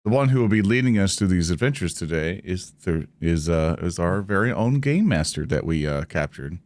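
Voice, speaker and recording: A man's voice: low voice, animated, moderate pace, a little mellow. A man hosting a tabletop game podcast in loose, rambling casual chat, laughing often. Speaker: host.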